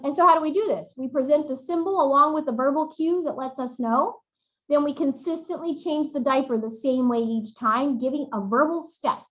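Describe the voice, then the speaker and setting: A woman presenting a webinar, demonstrating routines in an animated way, recorded on a webcam at home. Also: high voice, echoey room, low-quality recording. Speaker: workshop presenter.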